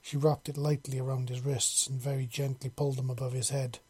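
A man narrating a story in a steady, unhurried reading. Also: medium pitch, slightly rough.

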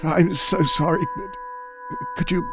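An actor playing a sinister old man who fakes frailty, speaking in a slow, feeble, pleading way. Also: high-pitched, fairly even intonation, gravelly, music in the background, full character voice. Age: older.

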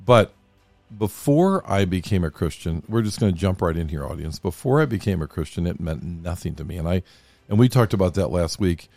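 A man's voice: sits low, expressive, a little fast, creaky, darkish tone, dry recording. A man hosting a faith podcast in a studio, talking earnestly and reading scripture and commentary aloud. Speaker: podcast host.

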